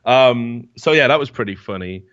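Sweary man with a bright voice. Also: medium pitch, lively intonation, moderate pace, no room sound. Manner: rambling, sweary storytelling with many fillers. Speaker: podcast host. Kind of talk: casual chat. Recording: slightly dull, dry mic sound.

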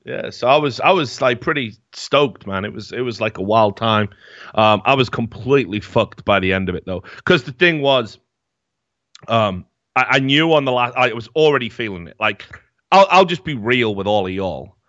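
A man's voice: medium pitch, expressive, moderate pace, a bit bright, no echo. A man hosting a podcast, telling rambling stories in casual chat, full of fillers and swearing. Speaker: podcast host. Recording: slightly dull, dry mic sound.

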